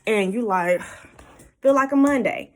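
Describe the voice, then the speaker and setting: Chatting casually to the camera, a young single-mom vlogger recounts her morning, laughing a lot and offering viewers direct reassurance. She sounds a little high, with lively intonation and an unhurried pace, over some background noise.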